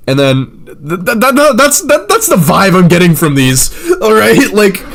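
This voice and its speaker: A man reading chat messages aloud in an even, measured way, breaking into loud, sarcastic rants full of swearing. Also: high voice. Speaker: commentator reading chat logs.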